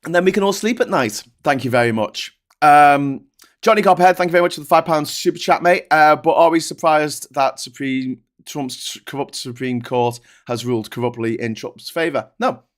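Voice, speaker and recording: A man's voice: a little high, moderate pace. A man hosting a political livestream, ranting in an exasperated, sweary way. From United Kingdom.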